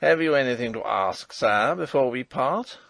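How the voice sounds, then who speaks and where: A man's voice: medium pitch, lively intonation, moderate pace, gravelly, a bit bright, no echo. A man voicing a sneering English jailer with a harsh, grating voice and an English accent, in an audiobook. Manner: sneering, mocking. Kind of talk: audiobook character reading.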